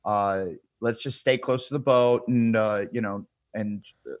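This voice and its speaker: A man's voice: fairly low pitch, steady tone, unhurried, dry recording. A man in his thirties, a podcast guest, telling a wild story in a casual, profane way and acting out the people he quotes.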